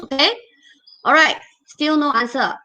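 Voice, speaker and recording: A woman's voice: sits high, unhurried, pushed and bright, rough recording. A woman teaching an online English revision lesson, explaining patiently and checking in often with "okay?" and "all right?".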